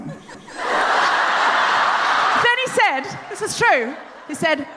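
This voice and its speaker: A woman from Australia hosting a comedy podcast live on stage, chatting in an animated, self-deprecating way. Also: sits high, a little slow, pauses often. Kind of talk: live stand-up style chat. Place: large theatre stage. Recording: reverberant theatre, faint audience noise. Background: audience laughter.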